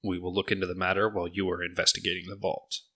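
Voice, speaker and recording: Man doing a formal tired dean, deep voice, crisp bright tone. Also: little pitch movement, fast talker. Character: stiff, weary male school dean.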